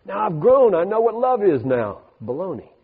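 A man's voice: sits high, sing-song, moderate pace, vocal fry, slightly rough. Older male pastor preaching in a reverberant hall. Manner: emphatic, shifting from soft asides to rising, preaching peaks. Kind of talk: sermon. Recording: hall reverb on a thin, phone-like band.

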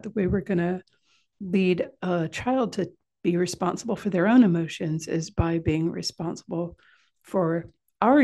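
A woman giving an informal, calm and explanatory talk on parenting, coaching listeners. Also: lowish voice, vocal fry. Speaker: parenting speaker.

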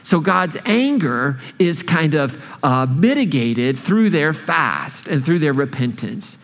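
A man preaching a sermon, storytelling with lively changes of speed and emphasis in a church hall. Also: on the high side. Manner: animated storytelling, speeding up and slowing down. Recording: long hall reverb.

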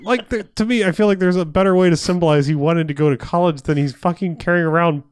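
A man's voice: fairly high pitch, fast, smooth, dry recording. A man recapping a movie in casual chat, sarcastic and profane, laughing often.

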